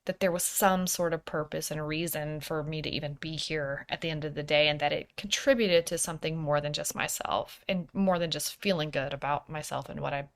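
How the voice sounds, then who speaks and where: Thirtyish woman talking quietly on her podcast, lowish voice, reflective, drops to whispers sometimes. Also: steady tone, a little fast, hardly any pauses. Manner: soft-spoken, introspective, slips into whispers. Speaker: podcast host. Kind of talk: personal reflective podcast monologue.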